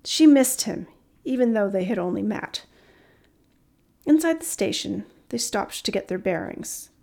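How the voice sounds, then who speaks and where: A woman reading a story aloud as an audiobook narrator, steady and expressive. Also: medium pitch, unhurried, creaky.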